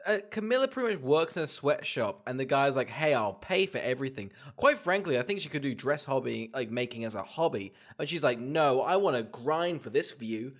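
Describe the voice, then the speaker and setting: A man's voice: medium pitch, expressive, fairly quick, hardly any pauses. A man co-hosting a podcast, chatting casually with ironic jokes and riffs. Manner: joking, ironic, riffing. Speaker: podcast co-host. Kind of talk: casual chat, film review.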